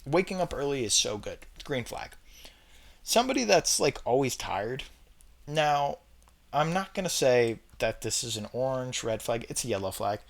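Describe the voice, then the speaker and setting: A man's voice: mid-range voice, lively intonation, normal speed. A young man talking straight to camera in a casual opinion vlog, emphatic and repeating his points with chatty fillers. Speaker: vlogger ranking red flags.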